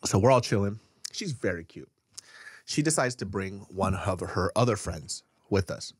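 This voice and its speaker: A man's voice: normal speed, husky, no room sound, studio quality. A man hosting a podcast, telling a story casually and profanely, his voice jumping up when he gets riled. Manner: animated, profane, jumps up in pitch when riled. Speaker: podcast host.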